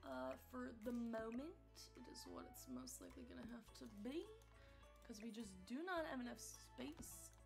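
A woman's voice: a little high, normal speed, gravelly, over music. A woman streaming gameplay, chatting along casually, talking to her game characters and giggling. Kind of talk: live-streamed gameplay commentary.

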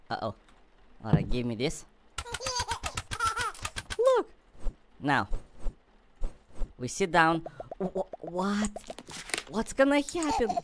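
Woman, gameplay commentary, excitable, very lively pitch, faint background noise. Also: slow, pauses often. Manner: excitable, talks to viewers, simple non-native phrasing. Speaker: gaming video host.

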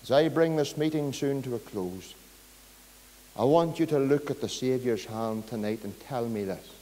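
A man's voice: mid-range voice, moderate pace, mellow. A male pastor with a Northern Irish accent preaching a sermon, telling a story and pleading with his listeners. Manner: storytelling, builds to fervent pleading. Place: church. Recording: long hall reverb.

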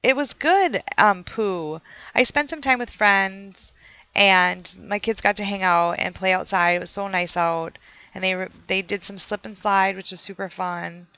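Chatty woman streamer with a gravelly voice. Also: mid-range voice, a little slow, bright, forceful tone, no room sound, lo-fi sound. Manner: chatty, reads game notes aloud, talks to chat. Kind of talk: casual let's play commentary.

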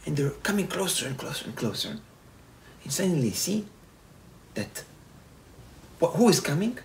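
Rabbi retelling a parable. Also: male voice, on the high side, normal speed, gravelly, poor audio. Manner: animated retelling with repetitions. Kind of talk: sermon storytelling.

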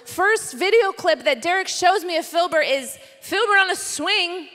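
High-voiced woman preaching in a big hall. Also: animated, moderate pace, pushed and bright, faint music behind. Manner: playful, chatty storytelling with asides to the crowd. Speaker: conference speaker. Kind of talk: sermon. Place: large conference hall. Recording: reverberant conference hall.

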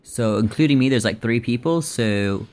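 A young adult woman hosting a casual vlog, playful and quick to laugh. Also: extremely low pitch, darkish tone. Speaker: vlog host. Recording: faint background noise.

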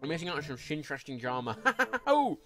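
A man's voice: mid-range voice, rapid-fire, fairly bright tone, soft background music. A man streaming live gameplay, rambling frankly and swearing as he reads chat and plays. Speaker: livestreamer.

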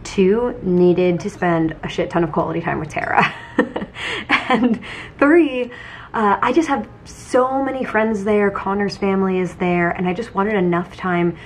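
A woman's voice: medium pitch, measured pace. A young woman chatting to her vlog camera from her home office, loose and conversational, her sentences full of "like" and "um". She sounds tired. Faint noise sits under her voice. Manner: chatty, lots of "like" and "um". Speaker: vlogger. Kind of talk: casual vlog chat.

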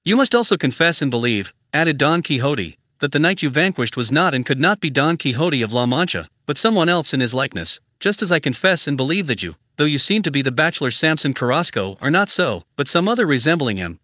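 A man reading a classic novel aloud as an audiobook narrator, in an even, measured way that keeps the dialogue close to his narrating voice. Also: a little high, no echo. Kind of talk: scripted narration.

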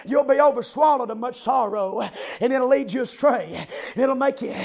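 A man preaches an old-time revival sermon in a very high, gravelly voice. He chants in rhythmic bursts broken by "uh", then climbs into shouted hallelujahs. His delivery swings hard between low, quick asides and ringing cries. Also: expressive.

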